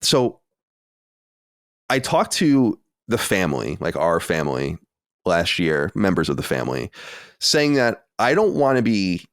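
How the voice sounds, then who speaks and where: A man in his late thirties, a podcast co-host, telling an animated story with exasperated asides in casual chat. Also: low voice, unhurried, no room sound, clean studio sound. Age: 30s.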